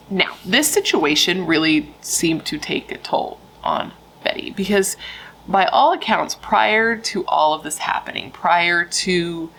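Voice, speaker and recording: Woman, true-crime vlogger, casual storytelling, frank, chatty, swears, lowish voice. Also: vocal fry, a bit bright, low-quality recording. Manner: frank and chatty, swears freely, many fillers.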